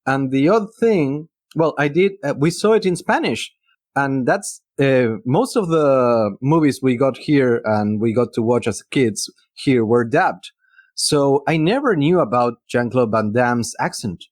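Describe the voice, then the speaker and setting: Man in casual chat, very lively pitch, laughs often. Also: measured pace, no room sound, studio quality.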